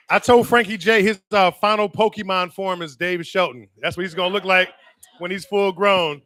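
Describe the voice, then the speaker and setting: A man's voice: high-pitched, steady tone, moderate pace, sharp tone. A man hosting a comedy show, bringing up the next act and chatting with the crowd. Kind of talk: stand-up hosting.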